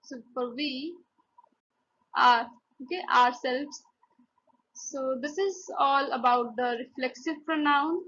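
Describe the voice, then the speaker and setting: A woman's voice: high-pitched, slow, long pauses, fairly bright tone, highs cut off. A woman teaching grammar, explaining step by step and often saying "see here" and "okay". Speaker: English teacher. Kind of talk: grammar lesson over slides.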